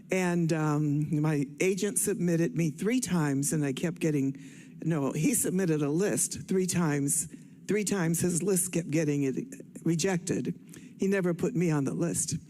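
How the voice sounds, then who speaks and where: An older woman from Cleveland, giving an excited, rambling personal speech from a stage, a bit out of breath. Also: on the low side. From Cleveland, Ohio. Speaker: guest speaker at an awards event. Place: stage at an event.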